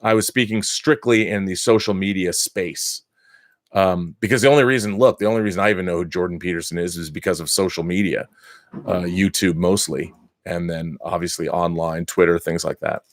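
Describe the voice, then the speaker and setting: Opinionated middle-aged man, low and dry. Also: steady tone, fairly quick, dry recording. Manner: opinionated and ranting, with repeated restarts. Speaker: host. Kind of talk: casual live-stream chat.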